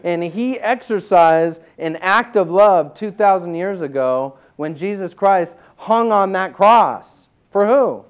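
A man preaching a sermon as pastor. He preaches emphatically, swinging from loud to quiet, and reads scripture slowly. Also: high voice, lively intonation, smooth.

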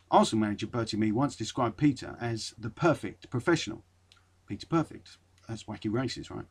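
A man's voice: medium pitch, breathy edge. A man hosting a podcast, reading an old article aloud and breaking off with dry, wry asides. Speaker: podcast host.

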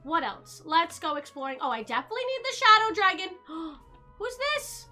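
Excitable girl streamer chatting thru a game, high squeaky voice, lil bit of music behind. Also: moderate pace. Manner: excitable, gasps and chatters to viewers. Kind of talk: casual gameplay commentary.

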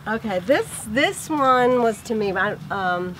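Relaxed woman chatting at home. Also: on the high side, a little hiss or hum, poor audio. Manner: relaxed, laughs easily, halting fillers. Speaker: co-host and wife. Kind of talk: casual chat.

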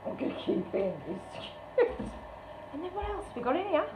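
A woman's voice: high voice, very animated, brisk, background noise. Gushing woman, tinny echoey sound. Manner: gushing, exclaims often. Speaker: craft channel host. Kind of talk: casual unboxing chat.

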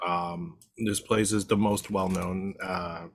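Relaxed low-voiced Canadian man chatting. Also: takes it slowly, slight background noise. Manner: relaxed, chatty, eating while talking. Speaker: podcast co-host. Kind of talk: casual chat.

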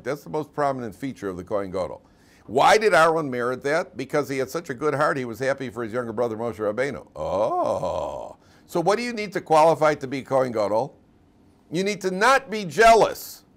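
A man teaching a lively Torah class as a rabbi, telling stories animatedly and laughing often in front of his students. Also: mid-range voice. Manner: animated, acts out quotes in put-on voices, laughs often.

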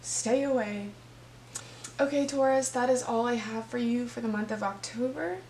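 A woman's voice: on the high side, normal speed, a little mellow. A woman reading tarot cards for her viewers, talking to them directly in a heartfelt, earnest way. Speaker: tarot reader. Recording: echoey room with faint hum.

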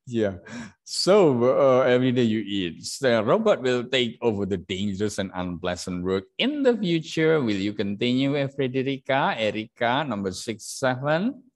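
A male teacher with a lowish voice and an Indonesian accent leads a lesson. He talks in a halting way and fills gaps with "uh" and "um". He calls out the example sentences with a sudden lift in force. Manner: halting, many fillers, acts out example sentences loudly. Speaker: English teacher. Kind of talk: classroom teaching.

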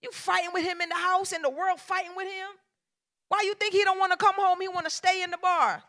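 High, bright-voiced woman preacher. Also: steady tone, a little fast. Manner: emphatic preaching with call-and-response cadence, swinging from hushed to shouted; colloquial, folksy storytelling. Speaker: pastor. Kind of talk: sermon. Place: church sanctuary.

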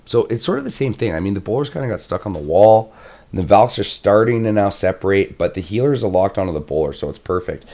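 A man with a very deep voice narrates a strategy game battle in relaxed play-by-play, voice worn hoarse and cracking. He fills gaps with "uh" and "um" and clears his throat often. The recording sounds a little muffled and lo-fi. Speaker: clan war commentator. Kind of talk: gameplay commentary.

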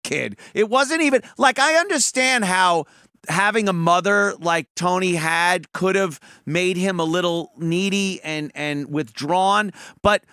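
A man hosting a call-in radio show, his voice high and bright. He talks in a profane, animated, mocking way, and the sound is close and dry. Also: unhurried, clear, resonant tone, no room sound. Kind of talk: casual call-in talk.

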